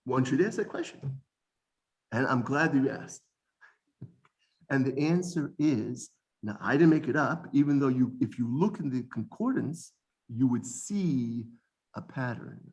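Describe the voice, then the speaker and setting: Gravelly man teaching a class. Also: medium pitch. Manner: explains points and quizzes the class with questions; digressive, corrects his own wording. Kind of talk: classroom lesson.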